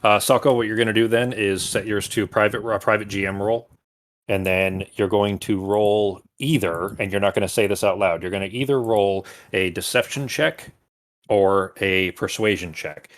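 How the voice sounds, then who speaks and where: A man runs a tabletop game as game master, with a lowish voice. He explains rules in a loose, chatty way, full of fillers. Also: steady tone, normal speed. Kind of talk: running a tabletop game over voice chat.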